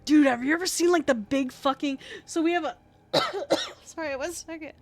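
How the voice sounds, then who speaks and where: Tired high-voiced woman rambling on stream. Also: normal speed. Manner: rambling, filler-heavy, swears freely, self-mocking. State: tired, scratchy throat. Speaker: VTuber game streamer. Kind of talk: casual live-stream chat.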